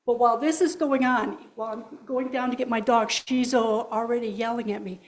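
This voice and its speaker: A woman's voice: fairly high pitch, fairly even intonation, brisk, few pauses, low-quality recording. Nervous woman telling her story in church. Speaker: congregation member sharing a story. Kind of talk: personal testimony. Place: church sanctuary.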